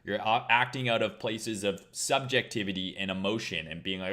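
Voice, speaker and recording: A man's voice: on the low side, moderate pace, sharp tone. A man hosting a trading livestream, talking casually in a blunt, profane, rambling way.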